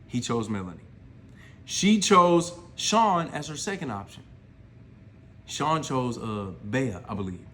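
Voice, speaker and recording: A man's voice: medium pitch, big pitch swings, measured pace, pauses often, fairly bright tone, a little hiss or hum. Guy ranting through a reality show recap, blunt, says y'all and bro a lot. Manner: exasperated, blunt, uses slang like y'all and bro.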